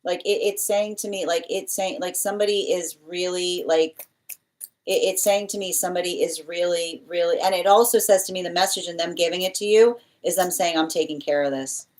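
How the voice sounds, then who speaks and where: A woman's voice: lowish voice, steady tone, a little fast, a little mellow. A woman doing a live tarot reading, rambling and repeating phrases as she relays spirit messages. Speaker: tarot reader.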